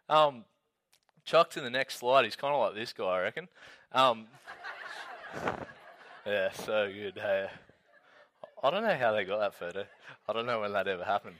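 A man's voice: on the low side, expressive, moderate pace, long pauses, fairly bright tone, slight background noise. A young man, a youth leader telling a story and reading scripture in a chatty, casual way full of "like" and "um".

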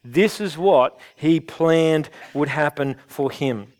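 A man's voice: on the high side, takes it slowly, darkish tone. A man preaching a sermon in an earnest, conversational way, often restarting his phrases. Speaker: pastor.

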